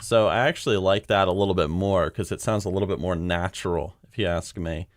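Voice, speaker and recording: A man casually commenting while editing audio, relaxed and chatty, thinking out loud. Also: low-pitched, a little fast, no room sound, clean studio sound. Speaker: machinima creator editing audio.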